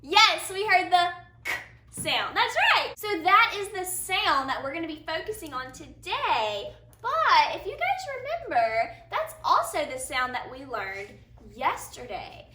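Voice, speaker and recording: A woman teacher leading a phonics lesson for young children, in a sing-song, slow and encouraging way with big praise, in a classroom. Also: very high voice, sing-song, sharp tone, recorded from a distance. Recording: roomy sound from a little off the mic, faint room hiss.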